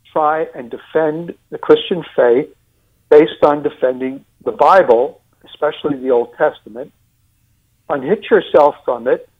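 A man with a New York accent, discussing and critiquing a sermon series in a deliberate way with many fillers and restarts. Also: fairly high pitch, breathy edge, narrow, tinny audio.

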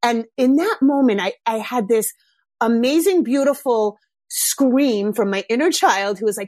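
A middle-aged mother tells a candid personal story in a reflective, casual manner, becoming animated when quoting herself. Her voice is on the high side at a normal speed, with no echo.

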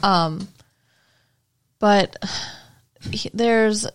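A woman co-hosting a podcast, chatting about a movie in a halting, blunt, casual way. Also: medium pitch, clean tone, no echo. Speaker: podcast co-host.

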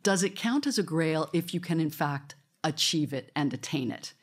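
A woman's voice: deep voice, lively intonation, normal speed. A woman radio host telling stories in a live studio conversation, chatty and often laughing.

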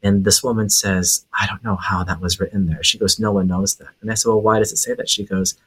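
A man from Hawaii, a psychic medium on a podcast, telling a story in a lively way and laughing as he goes. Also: fairly low pitch, fast talker, husky. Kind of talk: casual storytelling.

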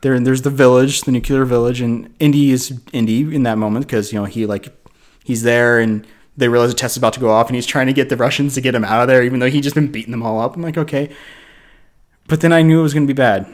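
A man's voice: medium pitch, steady tone, fast. A man in his thirties, a podcast co-host, telling a story in casual movie chat and acting out his own reactions.

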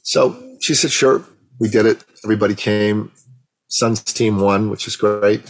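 A middle-aged man, a guest on an interview, telling a personal story with animated, emotional delivery and acting out the dialogue. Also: fairly low pitch, a little slow, low-quality recording. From Iran.

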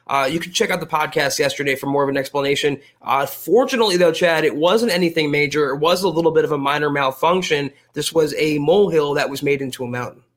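A man co-hosting a casual sports podcast, a sports writer talking in a measured way with small restarts. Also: on the high side, fairly bright tone.

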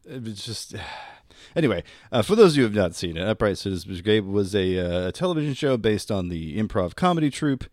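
A man's voice: on the low side, sing-song, fairly quick, a little mellow, no echo, clean studio sound. Laughing man chatting on a podcast. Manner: laughs often, swears casually. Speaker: podcast co-host. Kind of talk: casual podcast banter.

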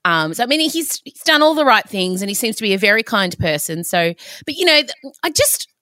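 A woman with an Australian accent co-hosting a podcast in casual chat, animated and blunt when she rants. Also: medium pitch, fairly quick, no room sound. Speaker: podcast co-host.

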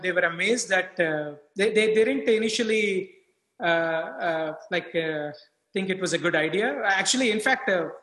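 A man from India, a physician guest in his thirties, talking casually in a halting way with many fillers and restarts. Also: high voice, bright, forceful tone. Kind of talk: casual interview talk. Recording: echoey room with long reverb.

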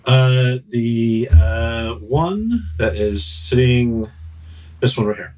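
A man's voice: mid-range voice, slow, a little mellow. A man narrates a tabletop game as game master, circling his descriptions with fillers and hesitations. His voice sits in a middle range and sounds a little distant from the microphone. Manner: rambling, full of hesitations and "sort of, like".

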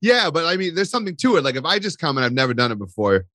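A man hosting a podcast in a casual chat, asking blunt, profane, excited questions. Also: fairly high pitch, racing. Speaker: podcast host.

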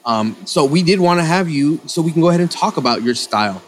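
Man, podcast co-host, animated pitch, faint noise behind, casual chat. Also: fast. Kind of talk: casual live audio chat.

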